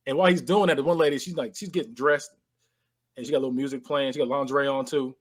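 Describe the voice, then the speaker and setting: A man co-hosting a podcast, casually retelling a movie scene by scene and acting out the characters' lines with lively voice changes. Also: on the high side, fast talker. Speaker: podcast co-host. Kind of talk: casual movie recap chat.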